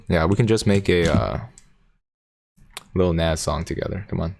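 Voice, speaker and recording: Low-voiced man hosting a casual livestream. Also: normal speed, creaky, long pauses, a little mellow. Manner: reads viewer comments aloud, jokey and playful. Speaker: livestream host reading chat.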